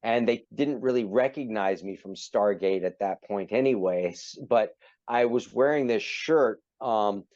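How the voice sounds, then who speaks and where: A middle-aged man telling a story as a guest in a casual interview, animated and acting out the people in it. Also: lowish voice, measured pace, no echo, highs cut off. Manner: animated, acts out voices in his anecdote. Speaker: podcast guest, actor.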